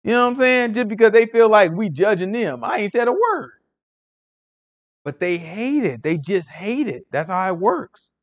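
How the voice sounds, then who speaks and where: Man teaching Bible study, slightly high voice, swooping lively delivery, slangy and preachy. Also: normal speed, lo-fi sound. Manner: animated, preachy, slangy and conversational.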